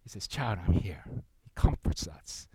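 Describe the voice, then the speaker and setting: A man, a pastor preaching a sermon, earnest and gentle, with soft intimate passages and loud slow scripture readings. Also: sits low, big pitch swings, slightly rough, dry recording, rough recording.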